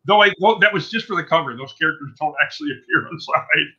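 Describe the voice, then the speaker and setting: A man in his sixties talks through his career as an interview guest, his voice cutting and bright. He rambles, doubles back and restarts his sentences as the anecdotes pile up. The recording is muffled and lo-fi. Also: fairly high pitch, quick pace, slightly rough. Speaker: comic book artist guest. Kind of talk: casual interview storytelling. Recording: dull lo-fi sound.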